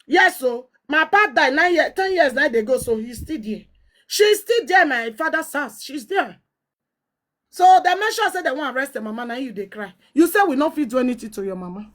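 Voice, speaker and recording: A woman's voice: high-pitched, animated, brisk, fairly bright tone. A woman with a Nigerian accent delivering a heated, scolding rant, hurling insults and repeating herself.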